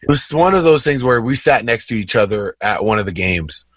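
Relaxed low-voiced man telling stories. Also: a little fast, breathy edge, dry recording. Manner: relaxed, storytelling, slangy. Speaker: podcast co-host, former college basketball player. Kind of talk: casual chat.

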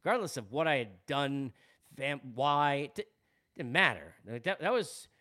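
Earnest Long Island man, lively voice. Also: medium pitch, measured pace. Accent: Long Island New York. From Long Island, New York. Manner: earnest and candid, often repeats words as he talks. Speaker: podcast host. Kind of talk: personal podcast monologue.

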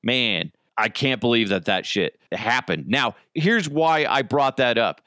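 A man's voice: mid-range voice, expressive, measured pace, pushed and bright, no room sound, clean studio sound. A man hosting a solo podcast, ranting profanely and mocking his targets. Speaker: podcast host.

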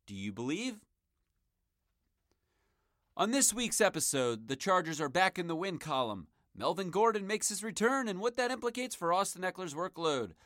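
A man's voice: high voice, animated, a little fast, few pauses, a bit bright, dry recording, clean studio sound. A man in his thirties hosting a solo sports podcast, talking in an enthusiastic, chatty way. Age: 30s.

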